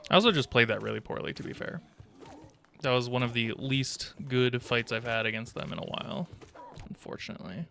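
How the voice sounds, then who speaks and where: A man's voice: mid-range voice, a little fast, creaky, sharp tone, a little hiss or hum. A man streaming a game, chatting casually and mumbling self-deprecating remarks as he plays. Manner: self-deprecating, mutters to himself while playing. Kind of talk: casual gameplay commentary.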